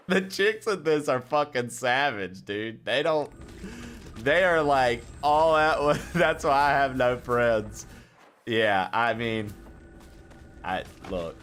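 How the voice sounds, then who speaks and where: A man's voice: mid-range voice, animated, takes it slowly, long pauses, a bit bright, a little hiss or hum. A man streaming a horror game, chatting casually with viewers, rambling and swearing freely. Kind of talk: casual gaming stream chat.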